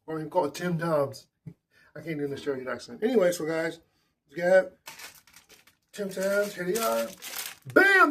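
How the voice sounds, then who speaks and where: A man's voice: high voice, a little hiss or hum. A man hosting a casual snack tasting vlog indoors at a table, chatty and enthusiastic with loose restarts. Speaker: food vlogger.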